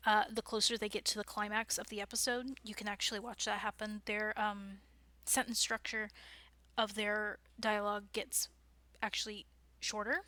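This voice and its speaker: A woman's voice: medium pitch, little pitch movement, normal speed, sharp tone, no echo. A woman giving an informal writing workshop, chatty and enthusiastic, with frequent digressions. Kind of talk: informal lecture.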